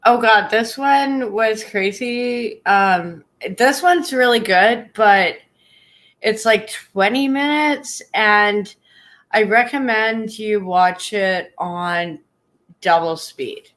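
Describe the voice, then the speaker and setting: A woman's voice: medium pitch, slow pace, fairly bright tone. A woman live-streaming in casual chat, often laughing through her words.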